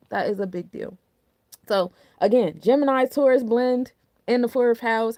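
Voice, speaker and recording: A woman's voice: medium pitch, darkish tone, dry recording. Woman musing on astrology in a dry close room. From New Jersey. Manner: conversational, repeats "you know what I'm saying"; rhetorical questioning. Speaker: astrology podcast host. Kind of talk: casual astrology talk.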